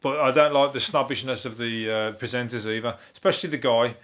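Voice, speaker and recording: On his podcast, an English comedian chats in a rambling way, swearing liberally and laughing softly between ideas. He speaks briskly with fairly even intonation, and his middling male voice is a bit bright.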